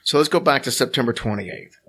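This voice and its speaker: A man co-hosts a casual podcast and works through a story from his notes, dropping wry jokes along the way. His voice sits at an ordinary pitch but has a gravelly rasp. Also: lively intonation, a little fast, fairly bright tone. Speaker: podcast co-host.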